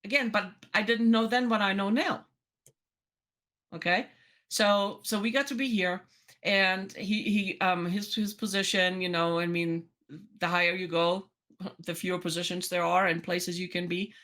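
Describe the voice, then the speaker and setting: A woman's voice: medium pitch, steady tone, unhurried, a bit bright. A woman co-hosting a podcast, telling a personal story in casual chat with lots of restarts and quoted dialogue. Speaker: podcast co-host.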